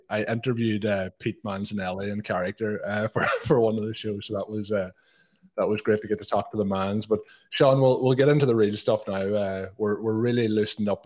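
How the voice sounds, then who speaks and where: Low-voiced podcast host. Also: male voice, darkish tone. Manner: chatty, promotional, frequent fillers. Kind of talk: casual podcast chat.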